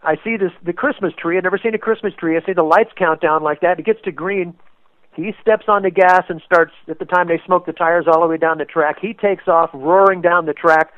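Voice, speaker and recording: A man guest telling a story in an animated way, acting out quotes with sudden loud bursts, as a race car paint designer. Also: high voice, brisk, dry recording. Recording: tinny phone-like line, dry.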